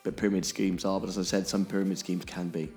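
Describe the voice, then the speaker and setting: A man with a fairly low voice, co-hosting a podcast. He explains things emphatically and keeps checking that his listener is following. Faint music plays underneath. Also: level tone, quick pace, vocal fry, a little mellow. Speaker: podcast co-host.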